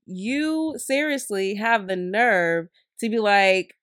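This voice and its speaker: A woman vlogger giving commentary, indignant and animated, who laughs as she rants. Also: medium pitch, takes it slowly, hardly any pauses, no room sound, studio quality. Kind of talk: commentary and storytime.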